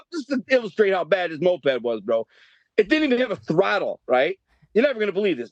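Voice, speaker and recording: A man in his fifties from the Detroit area, telling a story as a podcast guest in animated, profane street slang. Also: sits high, no room sound, lo-fi sound. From Detroit area, Michigan. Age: 50s. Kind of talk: storytelling interview.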